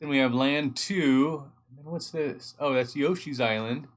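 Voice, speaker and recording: A man's voice: medium pitch, unhurried, faint music behind. Chatty, easily sidetracked streamer guy. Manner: chatty, easily sidetracked, thinks aloud while reading. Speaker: live stream host. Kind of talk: casual live-stream chat.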